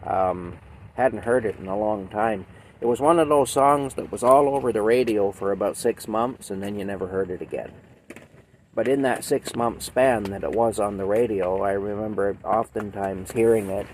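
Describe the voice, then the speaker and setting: A hoarse man with a sore throat, rambling in a folksy way as he chats with a cow companion and often adds "eh". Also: on the low side, a little mellow, a little hiss or hum. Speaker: video host reacting to a song. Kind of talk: casual chat to a toy cow.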